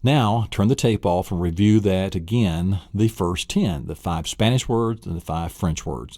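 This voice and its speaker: A man's voice: low voice, dark tone, no echo, studio quality. A man from Tennessee with a Southern US accent, teaching vocabulary on a memory-training tape and quizzing the listener with vivid mental images. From Tennessee, USA. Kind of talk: recorded vocabulary lesson.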